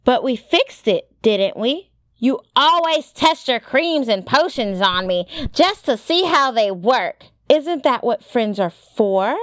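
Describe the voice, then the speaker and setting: A woman's voice: a little high, animated, slow pace, no room sound, voice pushed up. A woman voicing a vain, pretty teenage girl who talks in a sweet, cooing, coaxing way.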